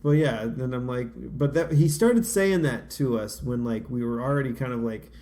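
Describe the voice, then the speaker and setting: A man's voice: medium pitch, moderate pace, dark tone. A man co-hosting a casual podcast chat, telling rambling, self-deprecating stories with lots of restarts. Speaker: podcast co-host.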